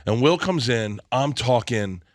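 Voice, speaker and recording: A middle-aged man telling a comic story as a guest, excitable and animated, often laughing mid-story. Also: mid-range voice, a little slow, dry recording, studio quality. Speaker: comedian guest.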